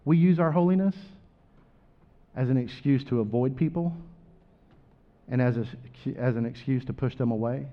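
A man's voice: mid-range voice, normal speed, pauses often. Preaching man with dull recorded sound. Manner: rises loud on scripture, drops quiet for asides. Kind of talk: sermon.

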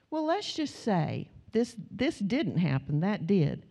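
An older woman delivers a sermon, her voice mellow and warm. She tells a story with plenty of life and slips into her family members' voices as she goes. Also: low voice, lively intonation, normal speed, vocal fry, few pauses. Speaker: pastor.

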